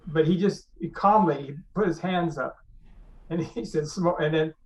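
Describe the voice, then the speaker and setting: A man's voice: on the high side, normal speed, a little mellow, recorded from a distance. A man telling stories as a webinar guest over a video call, laughing as he goes and often restarting his sentences. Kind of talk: casual storytelling. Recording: dull lo-fi audio.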